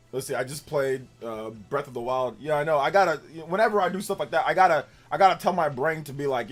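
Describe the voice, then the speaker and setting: A man's voice: a little high, moderate pace, long pauses, soft background music. A man hosting a casual gaming livestream, rambling in repeated phrases and defiant at times. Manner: repetitive, heated, defiant rambling. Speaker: livestream host.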